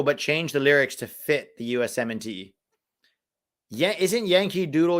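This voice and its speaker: Casual American male host, a touch high-pitched, sarcastic and chatty, live watch-along commentary. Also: lively intonation, normal speed, a bit bright. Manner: chatty, sarcastic, riffs between live match reactions.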